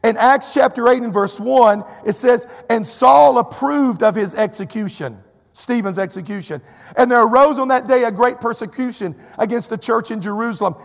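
A Texan man preaches a sermon in a high, gravelly voice at a moderate pace, animatedly telling a personal story and acting out each person's lines. He keeps dropping in drawling "you know" fillers, and his voice rings with the long reverb of a church hall.

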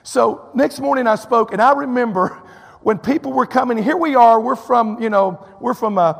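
Speaking at a normal speed, a preacher from Texas tells a personal story in his sermon with a high, gravelly voice, animatedly acting out what each person said. Drawling "you know" asides come often, and a church hall's long reverb surrounds his voice.

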